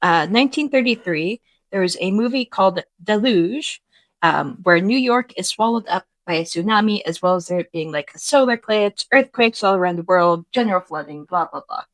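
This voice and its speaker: A woman co-hosting a casual commentary podcast, recapping facts in a relaxed way with many ums. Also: mid-range voice, normal speed, dry recording. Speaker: podcast co-host.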